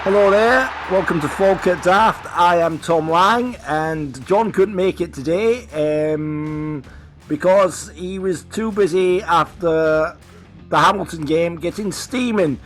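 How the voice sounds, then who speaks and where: A man doing a slow, exaggerated put-on English accent as an impersonation, clearly amused with himself. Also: high voice, a bit bright, faint music behind. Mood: mock-grand.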